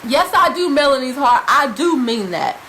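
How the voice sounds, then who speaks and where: A woman's voice: high voice, expressive, normal speed, fairly bright tone, a little hiss or hum, rough recording. Emphatic young woman vlogging. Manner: emphatic, direct, repeats phrases for stress; addresses viewers informally. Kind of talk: casual storytelling to viewers.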